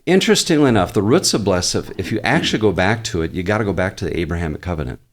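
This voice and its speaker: Deep-voiced pastor explaining earnestly. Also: male voice, expressive, rapid-fire. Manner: earnest, explains at length with frequent restarts. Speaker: pastor, podcast guest. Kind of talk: casual podcast interview.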